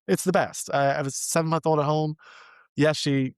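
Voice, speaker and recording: A man's voice: on the high side, steady tone, a little fast, smooth, dry recording, studio quality. A man hosting a faith podcast, closing an interview by encouraging his listeners. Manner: warm, encouraging, addresses his audience. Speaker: podcast host. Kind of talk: casual interview wrap-up.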